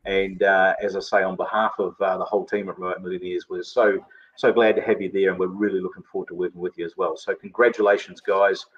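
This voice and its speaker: Low-voiced man hosting a rambling webinar. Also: little pitch movement, fast talker, highs cut off. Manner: rambling, many filler words. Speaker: host. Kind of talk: casual webinar chat.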